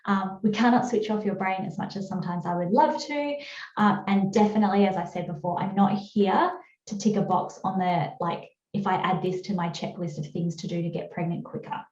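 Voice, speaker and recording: Casting: Australian woman presenter, mellow voice, chatty and upbeat, roomy dull video-call sound. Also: brisk. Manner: chatty, upbeat sales pitch with fillers. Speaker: webinar presenter. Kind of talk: webinar presentation.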